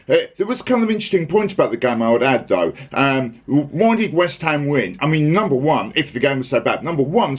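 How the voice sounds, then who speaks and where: A man's voice: fairly high pitch, slightly rough. A man hosting a casual football chat, sarcastic and exasperated, rambling with restarts. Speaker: podcast host.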